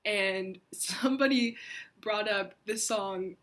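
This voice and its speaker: Earnest young woman telling a faith story. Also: mid-range voice. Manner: earnest, reflective, with soft pauses and fillers. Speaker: faith vlogger. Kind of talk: personal storytelling.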